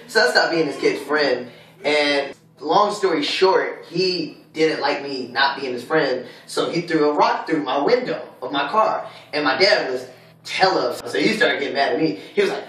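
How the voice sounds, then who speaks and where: A man's voice: a little high, recorded from a distance. A young man, a college student, telling stories about his family in a casual vlog from his dorm room. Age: young adult. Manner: loud slangy hype, then quieter storytelling. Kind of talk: casual vlog tour and storytelling. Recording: echoey room, voice off-mic.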